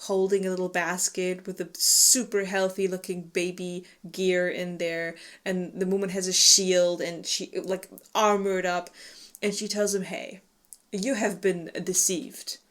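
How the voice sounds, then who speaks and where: Animated woman discussing a book. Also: on the low side. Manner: animated, swearing, quick to laugh. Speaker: book club podcast co-host.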